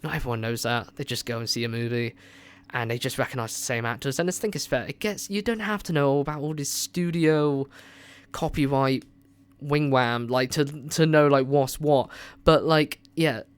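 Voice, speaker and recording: A man hosting a movie review radio show, chatting casually and excitedly with lots of filler words. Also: medium pitch, normal speed, clear, resonant tone.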